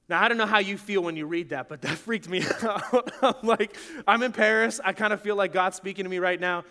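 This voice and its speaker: A young man with a high, bright voice preaches in a loose, conversational way. He tells his story with lots of "like" and quick laughs, then turns it toward the congregation. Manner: animated, chatty, laughs often, full of "like". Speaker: pastor. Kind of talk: casual storytelling sermon.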